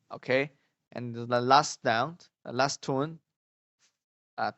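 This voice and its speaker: Male language teacher, slow and halting, belts out example tones; dull lo-fi sound. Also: mid-range voice, fairly even intonation, no echo. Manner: halting, many fillers and repeats, demonstrates tones loudly. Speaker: Mandarin teacher. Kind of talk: language lesson.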